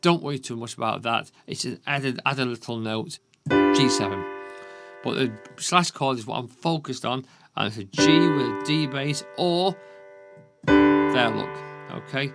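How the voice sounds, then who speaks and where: A man's voice: mid-range voice, a little slow, gravelly. A man with a Yorkshire accent teaching a beginner piano lesson, counting beats aloud and checking in with frequent "okay?". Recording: piano music loud underneath. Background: piano playing.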